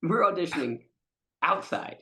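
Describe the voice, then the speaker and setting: A man's voice: sits high, big pitch swings, normal speed, bright, forceful tone. A man with a cold, a guest actor telling a story in casual chat, laughing often and acting out the quotes. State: has a cold.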